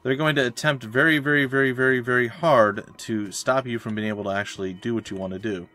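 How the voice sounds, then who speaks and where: A man's voice: medium pitch, steady tone, quick pace, sharp tone. A young adult man, rambling and ranting in casual chat while streaming a game. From Florida, USA. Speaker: let's play streamer.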